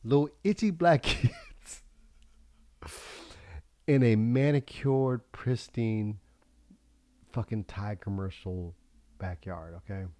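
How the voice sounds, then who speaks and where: A man's voice: on the low side, slow, long pauses, darkish tone, no echo, clean studio sound. A man hosting a livestream talk show in a rambling, profane monologue, laughing often as he goes. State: high.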